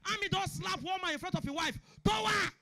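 A young man with a Nigerian Pidgin accent doing a stand-up comedy routine, shouting punchlines and acting out characters. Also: very high-pitched, fast. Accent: Nigerian Pidgin English.

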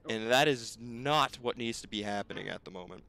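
A man's voice: lowish voice, brisk, vocal fry, bright, forceful tone. A young man commentating his own gameplay, exasperated and bickering aloud with the game and himself. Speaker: gaming video host.

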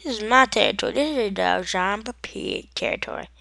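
A woman's voice: mid-range voice, animated, brisk, gravelly, sharp tone, dry recording, studio quality. A woman voicing a swaggering, tough-talking male zombie pig from a block-building game, full of territorial street-slang bravado. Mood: defiant.

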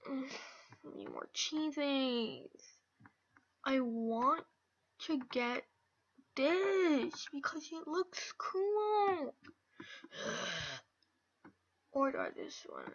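Bright, high-voiced excitable young woman gamer. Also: unhurried, pauses often. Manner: excitable, chatty, bursts of squeals and whispers. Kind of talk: casual gameplay commentary. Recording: dull lo-fi mic.

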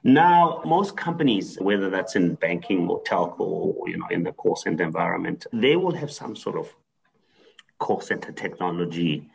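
Gravelly man interviewing with hesitant fillers. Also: sits low, sing-song, moderate pace, rough recording. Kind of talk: interview questions.

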